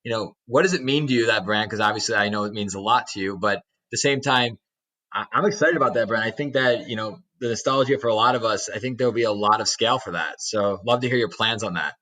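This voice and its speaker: A man hosting a podcast, asking long, halting questions full of fillers. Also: fairly low pitch, pushed and bright, rough recording. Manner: rambling, halting, lots of fillers. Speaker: podcast host. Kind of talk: casual interview chat.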